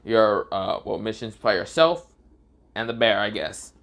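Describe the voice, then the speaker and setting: A man's voice: lowish voice, sing-song, a little slow, creaky, pitched below the performer's own voice, exaggerated voice. A man voicing a flustered male ninja teacher in a fan-told story, cursing as he addresses the class. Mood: stern. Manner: swearing, panicky shouting.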